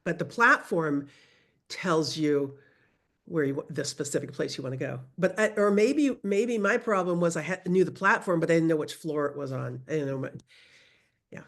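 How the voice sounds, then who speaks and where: A woman's voice: low-pitched, normal speed. A woman teaching a casual Spanish lesson over a video call, chatty and self-correcting, laughing easily. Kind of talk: casual online language lesson.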